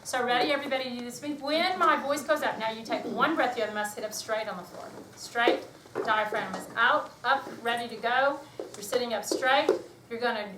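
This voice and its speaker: A woman's voice: fairly high pitch, very noisy. A woman music teacher leading a hands-on workshop, calling out rhythm commands and explaining to the group in a chatty way. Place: workshop room with an audience. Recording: echoey room, voice from far off.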